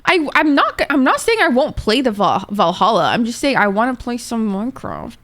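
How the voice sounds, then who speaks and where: Chill woman streamer just rambling to chat, kinda high voice, says like a lot and swears. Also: big pitch swings, fairly quick, fairly bright tone. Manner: rambling and laid-back, heavy on "like", swears freely; reads out and answers chat messages. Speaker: Twitch streamer. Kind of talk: casual chat with stream viewers.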